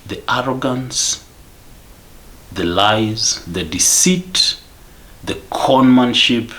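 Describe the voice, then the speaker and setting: A man's voice: mid-range voice, very slow, bright, forceful tone. A man with a Kenyan accent ranting to camera in a vlog, emphatic and repetitive, switching between English and Swahili. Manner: emphatic, mixes English and Swahili, repeats points. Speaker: vlogger. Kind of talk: angry rant to camera.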